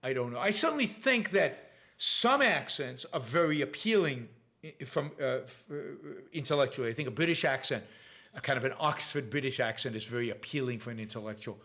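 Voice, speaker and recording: Man, noticeable accent, halting, restarts a lot, casual q&a host, mid pitch. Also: expressive, pushed and bright. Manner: halting, frequent restarts and fillers. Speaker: show host answering viewer questions. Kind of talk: casual live Q&A talk.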